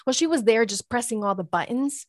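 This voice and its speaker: A woman chatting casually and telling a lively story, acting out her own shouts and the voices of people in it. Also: a little high, brisk, no room sound, studio quality. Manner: animated storyteller, acts out shouts in her stories.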